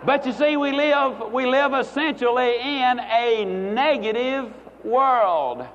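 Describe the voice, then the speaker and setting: A man giving a folksy, joking motivational speech to a live audience, slowing down for emphatic punchlines. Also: very high-pitched, fairly bright tone, slight background noise. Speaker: motivational speaker. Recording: dull lo-fi recording, long hall reverb.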